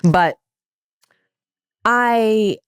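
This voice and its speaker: A woman hosting a podcast, talking in a casual chat style and making her points with animated emphasis. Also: drawn-out words, smooth, dry recording, clean studio sound. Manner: animated and emphatic, with wide swings in pitch. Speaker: podcast host.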